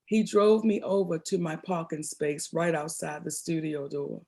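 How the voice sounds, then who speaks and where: Her low-pitched voice moves a little slowly as she recounts stories in an interview. She's a middle-aged comedian and actress from Baltimore, Maryland, expressive and animated, with a habit of calling people "baby."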